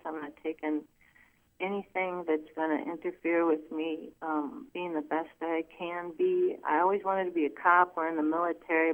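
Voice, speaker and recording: Woman guest, low-ish voice, earnest and halting, heard over a narrow phone line. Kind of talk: personal storytelling.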